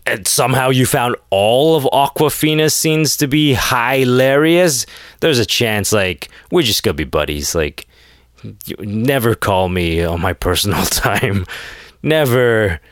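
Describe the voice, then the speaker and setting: A man's voice: mid-range voice, lively intonation, measured pace, no room sound, studio quality. A man hosting a podcast alone, late at night, rambling sarcastically with lots of filler words. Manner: rambling and sarcastic, heavy use of "like". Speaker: podcast host. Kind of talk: casual solo rant.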